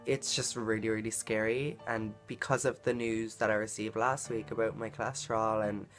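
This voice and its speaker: A woman's voice: rumbling low, little pitch movement, normal speed, faint music behind. A woman vlogging a personal story in a casual, earnest way, full of "like" and "um" fillers. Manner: chatty, filler-heavy, frequent "like" and "um"; earnest and emotional in retelling.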